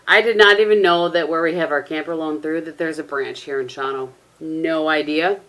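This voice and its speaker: Woman, middle-aged, low voice, casual vlog, chatty, rambling, laughs a lot, camera on the desk. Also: fairly quick, a bit bright. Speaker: vlogger. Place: at home by her desk. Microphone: camera propped on a tissue box.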